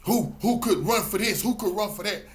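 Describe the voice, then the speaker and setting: A middle-aged channel host and community activist from Galveston County, Texas, addresses his viewers directly in a loose, heartfelt monologue to camera. His slightly high voice moves briskly in a preachy, emphatic flow, piling up repeated words when he gets fired up.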